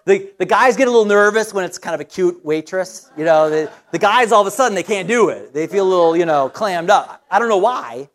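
With a high voice, a middle-aged pastor gives an animated, conversational sermon built around a personal story, frequently breaking off and beginning again.

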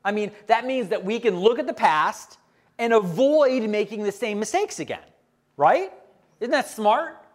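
Brief: middle-aged man, pastor, conversational sermon, lively up-and-down delivery. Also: sits high, measured pace. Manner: conversational, asks the congregation questions.

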